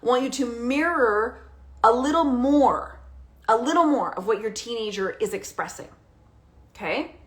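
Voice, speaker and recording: A woman with a fairly high voice speaks as a parenting coach, talking straight to her listeners. She is animated and emphatic, leans hard on key words, and keeps checking in with a short "okay?". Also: moderate pace. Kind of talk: direct-to-camera coaching talk.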